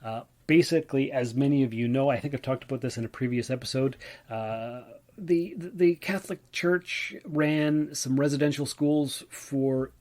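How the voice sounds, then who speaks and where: A tired man from Ontario, Canada yawns through a casual solo podcast, chatty and rambling with plenty of fillers. His medium-pitched voice has a darkish tone and a moderate pace.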